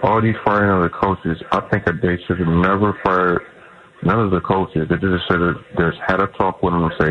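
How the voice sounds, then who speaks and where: A man's voice: sits low, fairly even intonation, brisk. A man calling in to a sports radio show, earnest and rambling, circling back to the same point. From Cleveland, USA. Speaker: caller. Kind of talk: call-in sports radio talk. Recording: dull lo-fi phone call.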